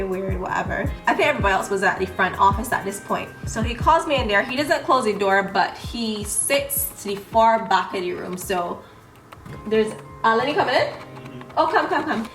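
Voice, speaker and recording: A woman in her twenties telling a story casually in an animated, chatty vlog, doing makeup as she talks. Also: medium pitch. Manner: applying makeup while talking. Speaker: beauty vlogger. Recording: roomy room with background music.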